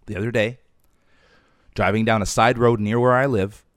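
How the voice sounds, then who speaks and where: A man's voice: on the low side, fairly even intonation, moderate pace, no echo, studio quality. A man hosting a podcast, chatting casually about cars and rambling a little with fillers. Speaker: podcast host. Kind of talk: casual car chat.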